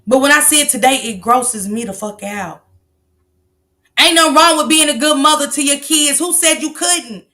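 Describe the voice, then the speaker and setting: Speaking at a moderate pace, a middle-aged woman hosting a livestream bluntly lectures about parenting, swearing in a casual, preachy way. Her high voice comes across pushed and bright.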